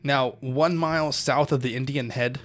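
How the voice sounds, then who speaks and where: Podcast co-host, young man, mid-pitched, casual storyteller who swears and rambles. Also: fairly even intonation, moderate pace. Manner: loose, swears often, laughs, loses his thread. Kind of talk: casual chat.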